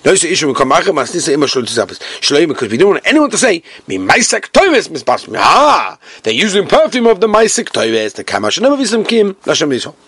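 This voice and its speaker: A man's voice: fairly high pitch, big pitch swings, a little fast, hardly any pauses, a bit bright, breathy edge, dry recording. A man with an English accent teaching a Talmud class, translating line by line with a sing-song chant and lots of Hebrew terms. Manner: acts out quoted speakers in sing-song chant.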